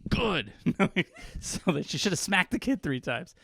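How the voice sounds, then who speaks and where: A man's voice: high voice, measured pace, gravelly, breathy edge, no echo. Tired man telling a jokey story. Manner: animated storyteller, jokey, acts out voices. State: exhausted. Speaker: podcast co-host. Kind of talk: casual chat.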